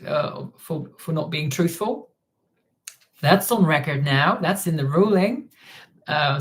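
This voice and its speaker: Dutch-accented male streamer, relaxed chat, thanks donors between stories. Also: a little high. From Netherlands. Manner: recounts events while reading viewer donations and comments. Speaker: livestream host. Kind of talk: casual livestream chat.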